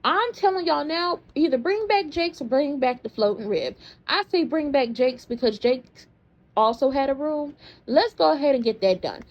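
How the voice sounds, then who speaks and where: A woman's voice: high-pitched, expressive, moderate pace. A woman hosting a soap opera recap in casual commentary, sassy and slangy as she tells stories. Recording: dull lo-fi sound.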